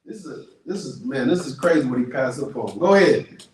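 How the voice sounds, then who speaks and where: A man preaching loudly and emphatically to a crowd, repeating and paraphrasing scripture in slangy street talk. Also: medium pitch, lively intonation, a little fast. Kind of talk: street sermon with call and response. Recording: echoey, recorded from a distance.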